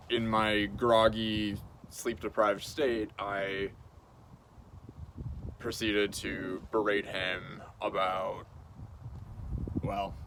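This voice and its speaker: A man talking casually to camera in a halting way, with many pauses and fillers. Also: fairly low pitch, flat delivery, noisy background. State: groggy and short on sleep. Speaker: video blogger. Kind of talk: casual spoken monologue to camera.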